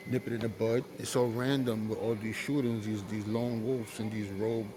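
A man's voice: fairly low pitch, flat delivery, moderate pace, crowd noise. A male caller from Brooklyn with a Brooklyn accent, hesitant and apologetic, stopping and restarting often. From Brooklyn, New York.

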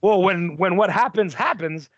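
Blunt and full of swearing and "like", a man co-hosts a casual podcast about movies. His high, animated voice moves at a normal speed, and the recording is dry and muffled.

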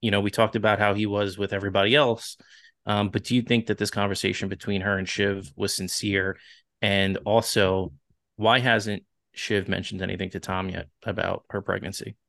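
Man, Long Island accent, casual podcast co-host, chatty, hedging, lowish voice, dry close sound. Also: level tone, moderate pace, creaky, fairly bright tone, no room sound. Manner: chatty, leads the discussion with hedging asides. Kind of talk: casual recap chat.

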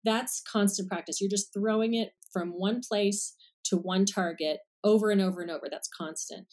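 A woman's voice: medium pitch, darkish tone. Woman clinician, podcast guest: casual, friendly step-by-step explainer. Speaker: speech-language pathologist guest.

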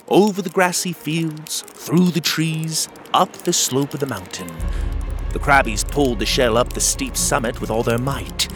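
A man hosting and narrating a children's adventure story in an expressive read-aloud manner. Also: medium pitch. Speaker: storyteller and podcast host.

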